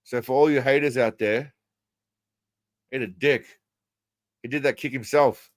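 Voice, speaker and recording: A man's voice: medium pitch, steady tone, unhurried, no room sound. A man hosting a casual livestream, commenting on clips in a crude, mocking, rambling way. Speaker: livestream host.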